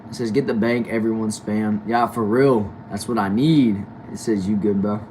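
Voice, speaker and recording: A man's voice: lowish voice, steady tone, normal speed, darkish tone, a little hiss or hum, rough recording. A man, reading chat aloud on a casual livestream from a small back room at home and answering with dry, easygoing replies. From Texas. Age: 20s.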